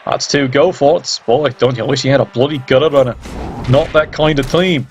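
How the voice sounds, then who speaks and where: A man's voice: medium pitch, moderate pace, lo-fi sound, slight background noise. A man giving casual play-by-play game commentary, sardonic and teasing, swearing freely.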